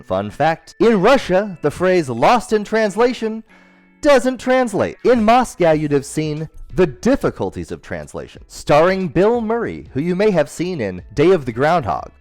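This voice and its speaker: A man delivering a scripted comedy monologue, deadpan jokes between quick silly voices. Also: on the high side, dry recording. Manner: deadpan jokey delivery with sudden character voices. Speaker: comedy host.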